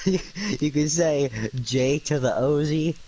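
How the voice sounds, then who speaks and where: A man's voice: a little high, slow pace, background noise. A tired man streaming late at night, rambling through goofy wordplay with lots of ums and uhs. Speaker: livestreamer.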